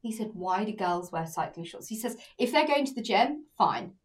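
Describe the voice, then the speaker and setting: A woman's voice: mid-range voice, normal speed, recorded from a distance. A woman, co-hosting a casual chat podcast, chatty and acting out the people she quotes. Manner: chatty, acts out quoted people in dry flat tones. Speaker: podcast co-host.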